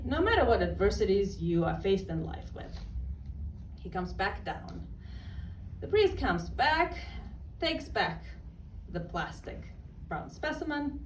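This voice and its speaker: A woman telling a personal story in a wry, deadpan comic way. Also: on the high side, slight background noise. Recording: roomy and distant with faint ambience.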